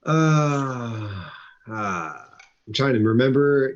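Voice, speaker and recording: A man's voice: lowish voice, animated, unhurried, dull audio. A man playing a tabletop game, joking around and reading his character's lines aloud. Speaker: player. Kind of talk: casual tabletop game chat.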